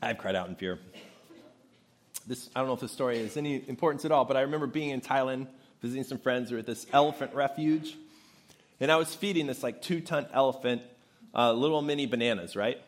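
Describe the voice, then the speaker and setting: A man preaching a sermon, shifting into animated, conversational storytelling with casual asides. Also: medium pitch, fast talker. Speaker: pastor.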